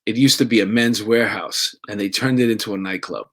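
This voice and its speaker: A man's voice: fairly low pitch, fairly quick, fairly bright tone. Middle-aged New man telling a story. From New York. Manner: conversational with laughs and restarts. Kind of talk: personal storytelling.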